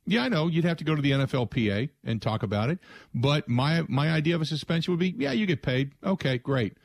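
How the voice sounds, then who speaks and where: A man's voice: a little high, expressive, fast talker, dry recording, studio quality. A man hosting sports talk radio, delivering a blunt, emphatic opinion monologue with frequent restarts.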